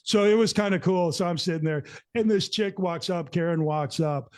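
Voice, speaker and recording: A middle-aged man hosting a show, telling a story in a rambling, animated way and acting out what people said. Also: on the high side, a little fast, hardly any pauses. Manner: rambling, animated, acts out quotes. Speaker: show host. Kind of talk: casual storytelling to co-hosts.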